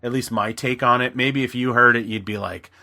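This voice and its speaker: Guy on a podcast rambling away, bright voice, lots of restarts and little impressions. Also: mid-range voice, fairly even intonation, fairly quick, creaky. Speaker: podcast co-host. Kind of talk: casual chat.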